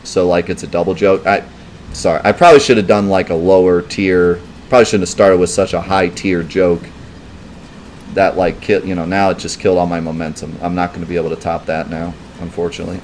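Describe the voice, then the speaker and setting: Deep-voiced man chatting through a livestream. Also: flat delivery, brisk, darkish tone, slight background noise. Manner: chatty and rambling, answering chat questions, heavy on "like" and "um". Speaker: let's play streamer. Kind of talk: live gameplay commentary.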